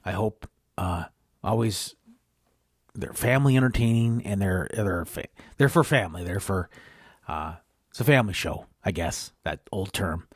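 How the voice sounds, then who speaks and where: A man's voice: sits low, animated, moderate pace, breathy edge, no room sound, clean studio sound. A man hosting a podcast, rambling through a made-up story and often correcting himself. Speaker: podcast host.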